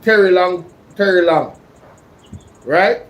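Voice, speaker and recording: A man's voice: high voice, takes it slowly, muffled recording. A man with a Jamaican accent hosting a casual live-stream reaction, chatting to his viewers. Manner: chatty, addresses viewers by name. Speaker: YouTube reaction host.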